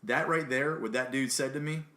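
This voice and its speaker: A podcast co-host with a mid-range voice speaks at a moderate pace, telling a story in casual conversation. He's animated and acts out the voices of the people he quotes.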